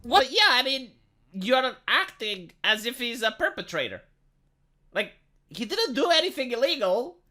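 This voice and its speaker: A woman's voice: fairly high pitch, a little slow. A woman from Romania giving dry, mocking reaction commentary on a viral video. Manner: dry, mocking, deadpan asides. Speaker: commentary YouTuber.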